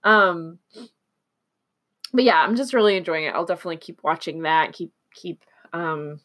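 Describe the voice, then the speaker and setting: A woman's voice: lowish voice, normal speed, a bit bright. A woman from Oklahoma chatting casually as a host, rambling with fillers, restarts and frequent giggles. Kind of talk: casual chat.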